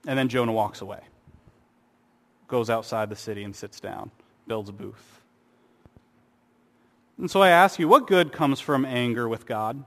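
A man's voice: medium pitch, measured pace, pauses often, fairly bright tone. A man preaching a sermon, earnest, with rhetorical questions and sarcastic asides. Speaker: pastor. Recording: long hall reverb.

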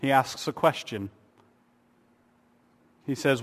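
A man's voice: mid-range voice, unhurried, a bit bright. A man preaching a sermon, earnest, with rhetorical questions and sarcastic asides. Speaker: pastor. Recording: long hall reverb.

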